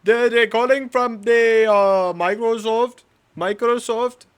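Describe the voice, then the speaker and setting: Dude putting on an indian-accent scam caller guy, high squeaky sing-song, kinda loud. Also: steady tone, slow, clean tone. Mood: crude pitch. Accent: put-on Indian.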